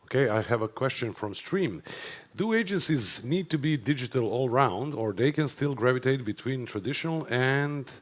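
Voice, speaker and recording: A man's voice: medium pitch, expressive, moderate pace, few pauses. A man moderates a conference Q&A. He keeps his turns short and practical, with an ordinary mid-range voice. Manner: brief, switches between English and Serbian. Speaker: event moderator.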